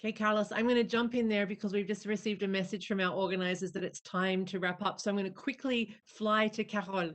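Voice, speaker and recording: A woman moderating an online panel, brisk and hurried, handing over quickly to each speaker. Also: medium pitch, fairly even intonation.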